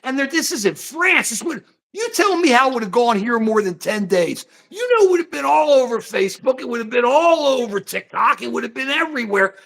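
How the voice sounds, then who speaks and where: A man's voice: extremely high pitch, fairly quick, creaky, few pauses. Older guy ranting on his live show, heated, voice jumping up and down a lot. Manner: ranting, animated, mocking put-on voices. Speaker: show host. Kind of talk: heated political livestream chat.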